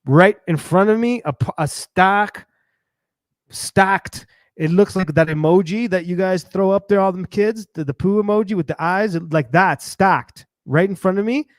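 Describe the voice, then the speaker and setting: A man hosting a podcast, telling a rambling, lively story and acting out the voices of people he met. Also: high voice, moderate pace, no echo, clean studio sound. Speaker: podcast host. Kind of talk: animated storytelling monologue.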